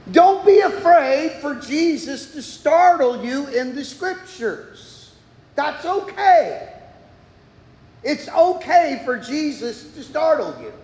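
A man delivers a sermon with animated, questioning rhetoric, his voice unusually high and his pace slow. The sound carries a long, roomy reverb from a church hall. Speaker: preacher. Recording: echoey hall, far from mic.

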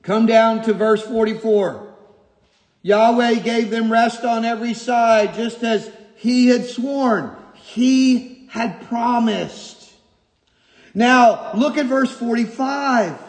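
A male pastor preaching a sermon, emphatic and repetitive, moving from quiet stretches to shouted points. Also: very high-pitched, slow. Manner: emphatic, repeats key phrases, shifts from quiet to shouting. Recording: echoey hall.

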